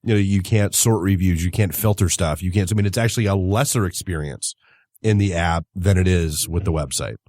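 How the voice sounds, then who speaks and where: Low-ish guy hosting, teasing, easygoing, dry close mic. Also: fairly quick, a little mellow, dry recording. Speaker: podcast host. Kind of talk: casual interview chat.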